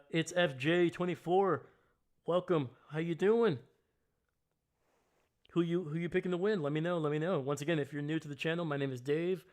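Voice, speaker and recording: Here a man hosts a relaxed sports stream about football, drifting through his thoughts and talking with the audience as he goes. His greetings to chat come out loud, with noticeable pitch jumps.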